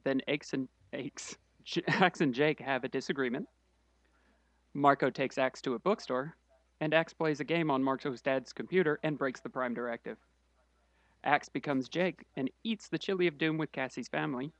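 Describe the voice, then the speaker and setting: A man co-hosting a casual podcast, recapping a book's plot quickly and dropping wry asides. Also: mid-range voice, no room sound. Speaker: podcast co-host summarizing a book.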